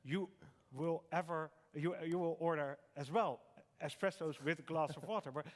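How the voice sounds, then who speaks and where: A man's voice: a little high, normal speed. Hesitant male interviewer in an echoing hall. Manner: hesitant, many "uh"s, frequent listening murmurs. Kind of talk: live stage interview. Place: debate hall on stage. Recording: reverberant hall.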